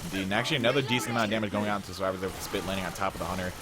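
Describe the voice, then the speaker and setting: A young man giving rapid live play-by-play commentary on a video game match. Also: low voice, a loud crowd. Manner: rapid play-by-play, laughs easily. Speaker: esports caster.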